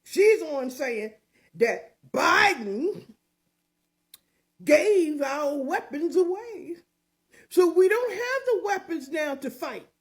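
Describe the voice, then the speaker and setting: A woman's voice: very high voice, big pitch swings, slow pace, pauses often. An older woman hosting her own opinion show, talking in a sassy, mocking, emphatic way. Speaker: commentary show host. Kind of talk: opinionated commentary.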